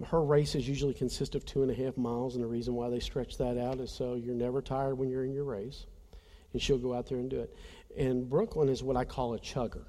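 A male pastor tells a personal story in an earnest, conversational sermon, addressing the congregation directly. His voice is mellow and warm, at a middle pitch. It rings with the long reverb of a large church hall.

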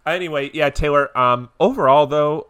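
A man co-hosting a podcast, talking in a relaxed, rambling way with plenty of fillers. His voice is bright and forward, recorded dry and close. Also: a little high, moderate pace, smooth, no echo. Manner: conversational, hedging with fillers. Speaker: podcast co-host. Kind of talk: casual chat.

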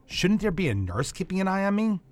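A man voicing a wounded, joking male detective in a raised, lively voice. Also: brisk. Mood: puzzled. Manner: wisecracking, raised pitch.

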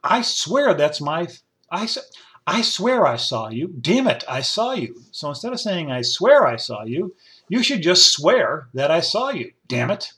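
A man's voice: a little high, sing-song, measured pace, sharp tone. A middle-aged man, hosting a rambling solo podcast in a folksy, digressive, enthusiastic way. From upstate New York. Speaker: podcast host.

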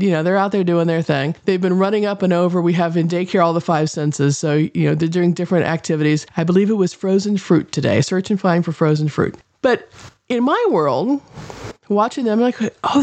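A woman's voice: darkish tone, no room sound. A middle-aged woman talking casually and rambling in a folksy way, hosting her own show. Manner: rambling, folksy, drifts in pitch and pace. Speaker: podcast host and kennel owner. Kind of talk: casual monologue.

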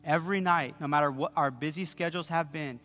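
A male pastor preaching a sermon with energetic delivery, calling on the congregation to repeat words back to him. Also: fairly high pitch, fast. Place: church sanctuary. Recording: long hall reverb, faint music.

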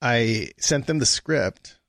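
A man's voice: mid-range voice, takes it slowly, dry recording, studio quality. A man as a guest, telling a story in a casual conversation and acting out the people he quotes. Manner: animated anecdote-telling, acts out quoted dialogue.

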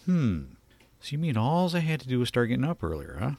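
A man hosting a self-help show, talking in a plain, measured way with a few asides. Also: medium pitch, sing-song, darkish tone, no echo. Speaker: podcast host. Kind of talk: scripted self-help talk.

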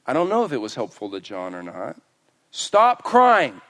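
A man preaching a sermon, his delivery moving between quiet, slowed passages and loud, emphatic bursts. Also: fairly low pitch, big pitch swings. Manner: swings from hushed and slow to loud and emphatic. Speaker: pastor.

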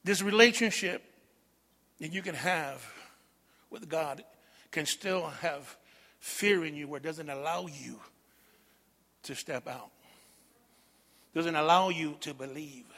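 Middle-aged male pastor with a high voice, animated call-and-response preaching in a reverberant hall. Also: slow, long pauses. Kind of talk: sermon.

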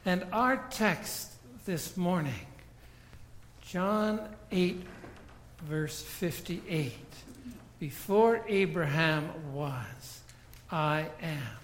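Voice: medium pitch, in a large hall. A pastor preaching a sermon, emphatic and often repeating words while building a point. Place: church.

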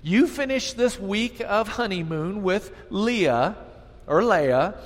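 A man playing a scheming older uncle who talks smoothly while bargaining. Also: sits high, lively intonation, slow, heavily acted. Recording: long reverb hall.

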